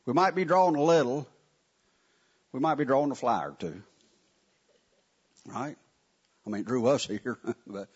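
A man preaching a sermon to his congregation in a church, folksy and animated, with asides to the listeners. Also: medium pitch, slightly rough. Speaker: pastor. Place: church sanctuary. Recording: muffled lo-fi sound.

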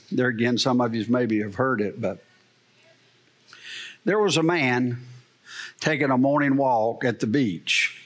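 A man's voice: a little high, a bit bright. A middle-aged male pastor preaching a sermon, telling a story and asking the congregation rhetorical questions.

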